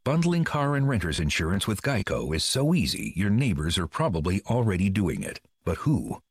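Deep male ad read, deadpan with lots of lilt, faint music under it. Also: normal speed, husky, dry recording, studio quality. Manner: deadpan, mock-conspiratorial. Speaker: ad announcer. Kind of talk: scripted comic ad read.

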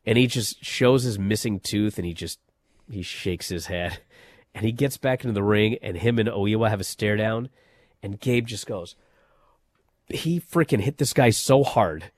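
A man hosting a casual wrestling chat, telling stories in an animated way with many fillers and restarts. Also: fairly low pitch, normal speed, no echo. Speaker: wrestling podcast host.

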